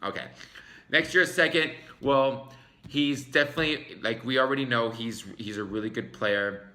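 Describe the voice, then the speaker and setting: Excitable man with a bright voice. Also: normal speed. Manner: excitable, dramatic swings in loudness and pitch. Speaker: sports fan vlogger. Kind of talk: casual fan commentary to camera.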